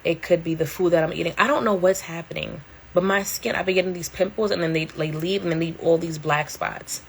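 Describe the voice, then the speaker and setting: A woman's voice: on the low side, fairly even intonation, a little fast, gravelly, slightly rough. A middle-aged woman hosting a casual livestream from home, talking candidly in a slangy way and laughing often. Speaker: livestream host.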